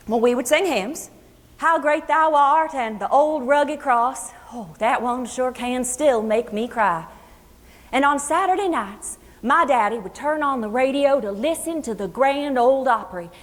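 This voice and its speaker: A woman's voice: sits high, fairly bright tone. An actress playing a homespun, plainspoken Kentucky country singer, telling her story in a folksy, chatty first-person monologue with an Appalachian accent. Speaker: actress in a historical portrayal. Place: luncheon hall before an audience. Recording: echoey hall with long reverb.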